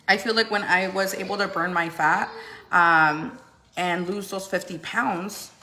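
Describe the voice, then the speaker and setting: A woman's voice: measured pace, bright, forceful tone, rough recording. A woman chatting on a casual live stream from her home at breakfast, talking about her life and often laughing. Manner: chatty, laughs often, high baby talk to her kids. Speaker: vlogger and mother.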